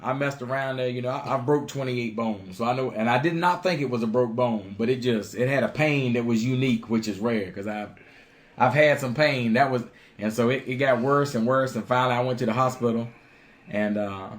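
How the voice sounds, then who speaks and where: A man's voice: mid-range voice, fairly quick. A middle-aged man telling a personal story on a religious radio show, plainspoken and chuckling now and then. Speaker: ministry member telling a story.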